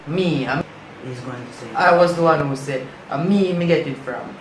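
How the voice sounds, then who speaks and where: A woman's voice: low voice, moderate pace, heavy background noise. Jamaican accent, woman, comedy sketch host, playful patois, echoey room. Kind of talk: comic countdown sketch.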